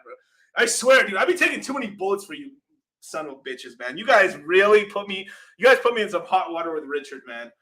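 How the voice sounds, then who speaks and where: A man hosting a casual vlog, telling an animated, profane story with lots of laughing asides. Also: high-pitched, fairly quick. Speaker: crypto channel host.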